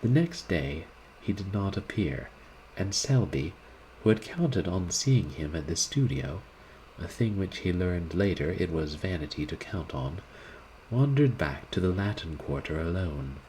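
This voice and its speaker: A man reading a classic short story aloud, in a deliberate, expressive manner, shifting his voice for the characters. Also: sits low, a little hiss or hum, low-quality recording.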